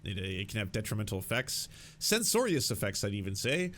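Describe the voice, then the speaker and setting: A man's voice: fairly low pitch, big pitch swings, fairly quick, fairly bright tone. A young man hosting political commentary, ranting in a sarcastic, exasperated way and swearing freely.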